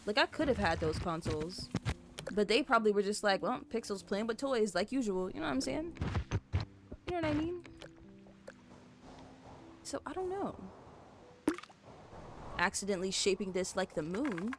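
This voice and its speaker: A woman's voice: mid-range voice, very animated, moderate pace, long pauses, noisy background. A young woman streaming a building game, chatting casually with her viewers, rambling with lots of fillers and little giggles. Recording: soft music playing behind. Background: faint background music.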